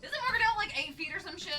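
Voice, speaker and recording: A woman playing a tabletop game speaks high and bright. Her pitch leaps widely. She laughs often and talks with excited energy. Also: quick pace, a little hiss or hum. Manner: excitable, laughs a lot, swears. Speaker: player. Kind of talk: casual tabletop play.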